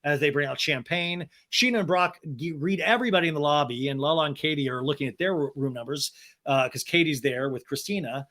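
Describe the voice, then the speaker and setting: A man with a high, bright, forceful voice runs through a casual reality-show recap. He talks in a chatty, wry way, often breaking into laughter as he goes. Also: a little fast. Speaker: podcast host.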